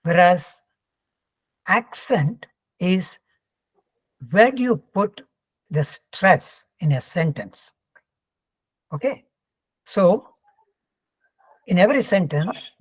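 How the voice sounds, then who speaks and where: A man's voice: high voice, slightly rough, no room sound. An older man, giving an informal webinar lecture over a video call. He explains with everyday examples and keeps checking in with "okay.". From India. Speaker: professor giving a webinar talk.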